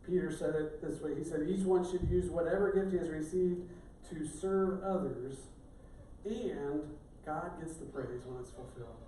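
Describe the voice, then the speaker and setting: A man's voice: on the high side, normal speed, mellow, a little hiss or hum. A middle-aged male pastor giving a sermon in a conversational, joking way. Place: church sanctuary. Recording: echoey church room, distant mic.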